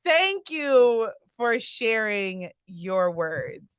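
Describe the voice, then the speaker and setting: A woman's voice: on the high side, very animated, extremely slow, clean tone, dry recording. A woman hosting a live-stream interview, effusive and emotional, reading viewer comments aloud. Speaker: podcast host.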